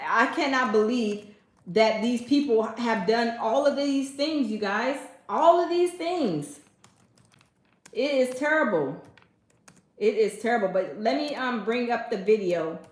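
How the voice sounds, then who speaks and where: A woman's voice: fairly high pitch, expressive, a little slow, reverberant, low-quality recording. A woman hosting a casual commentary stream, talking straight to her viewers and repeating herself for emphasis. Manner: repetitive, emphatic, addresses viewers as y'all. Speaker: commentary host.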